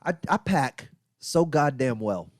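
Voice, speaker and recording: A man hosting a podcast in casual chat, joking loudly and laughing often. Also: medium pitch, expressive, measured pace, no echo, clean studio sound. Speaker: podcast host.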